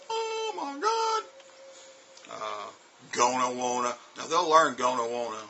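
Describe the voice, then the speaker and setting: A man's voice: medium pitch, huge pitch swings, slow pace, vocal fry, sharp tone, lo-fi sound, a little hiss or hum. A man, an English teacher giving casual advice to other teachers and acting out spoken examples in a loose, chatty way.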